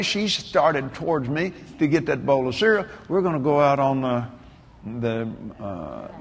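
A man preaching a sermon, telling a story in an animated way that bursts into shouts and laughter. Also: medium pitch, creaky, in a large hall, slight background noise.

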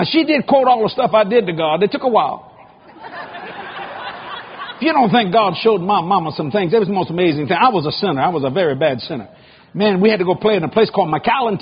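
High, animated older preacher man. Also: muffled recording, a little hiss or hum. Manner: folksy, dramatic storytelling with acted-out prayers. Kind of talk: sermon.

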